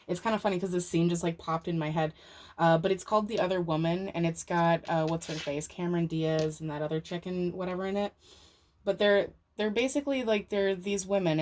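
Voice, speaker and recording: A woman's voice: fairly low pitch, darkish tone. A young woman giving a casual, rambling tarot reading to camera. She uses lots of fillers and swears casually. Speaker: tarot reader.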